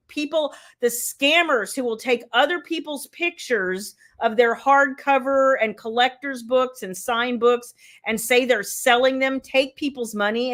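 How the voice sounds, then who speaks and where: A woman's voice: high voice, fairly bright tone. A woman author hosting a casual live stream, chatting and teasing as she reads viewer comments aloud.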